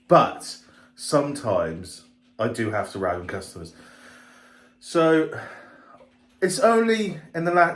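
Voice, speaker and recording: Tipsy man rambling on camera. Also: medium pitch. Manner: chatty, rambling, restarts sentences. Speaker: vlogger and restaurant owner. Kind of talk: casual vlog chat. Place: restaurant, indoors.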